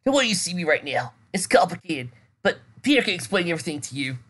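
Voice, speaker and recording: A woman voicing Spike, a hesitant young male friend who speaks haltingly. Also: fairly low pitch, sing-song, breathy edge, pitched above the performer's own voice.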